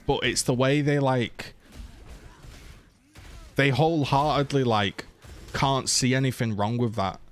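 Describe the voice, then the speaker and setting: A man's voice: medium pitch, fairly even intonation, a little slow, long pauses. A young man chatting casually on a game live stream, swearing freely and thanking viewers for donations.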